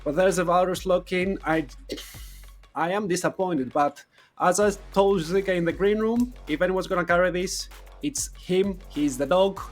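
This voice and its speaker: A man's voice: high voice, moderate pace, faint music behind. A man giving live esports analysis, starting sentences over and slipping in wry jokes.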